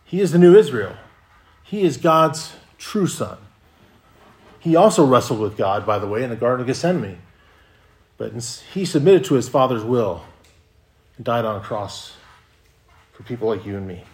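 A man's voice: medium pitch, lively intonation, normal speed, pauses often. A man preaching a sermon as pastor, earnest, often repeating words as he restarts a phrase.

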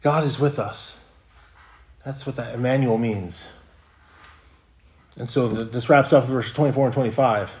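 A man's voice: medium pitch, normal speed, long pauses, darkish tone. A man preaching a sermon as pastor, earnest, often repeating words as he restarts a phrase.

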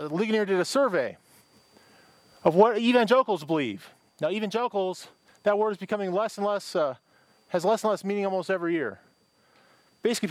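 A middle-aged man from Michigan delivers a sermon in a high-pitched voice. He talks to the congregation like he's telling a story, with casual asides and restarts. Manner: conversational, anecdotal preaching with restarts. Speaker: pastor.

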